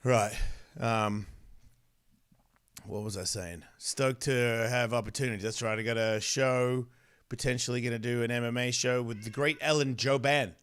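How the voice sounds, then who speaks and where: A podcast host with a mid-range, fairly bright, smooth voice chats casually at a moderate pace with fairly even intonation. He rambles, swears, gets distracted and often loses his thread.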